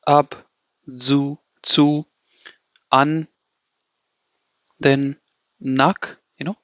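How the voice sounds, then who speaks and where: Male language tutor, gravelly tone, talks loosely and circles back, close and dry, slightly muffled sound. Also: a little high, fairly bright tone, dry recording. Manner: loose, repetitive, says "okay" and "you know" a lot; corrects himself mid-sentence. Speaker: German teacher. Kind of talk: explaining grammar to learners. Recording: dull, dry lo-fi audio.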